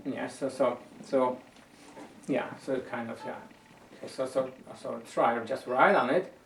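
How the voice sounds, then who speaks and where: A man's voice: mid-range voice, measured pace, creaky, a little hiss or hum. A man teaching a violin lesson, patiently coaching and often repeating words as he searches for the right phrasing. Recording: roomy sound from a distant mic.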